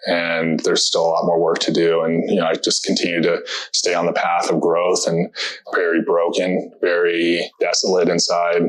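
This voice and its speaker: Man, 30s, very low voice, monotone, halting, reflective testimonial interview. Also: poor audio. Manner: halting, reflective, many fillers and restarts.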